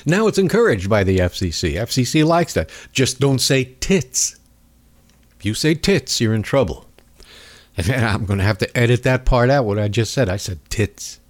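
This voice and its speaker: Lively sarcastic male radio host. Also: medium pitch, moderate pace. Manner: sarcastic, rambling, with animated mocking asides. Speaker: radio talk show host. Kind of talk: casual political talk radio monologue. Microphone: studio microphone.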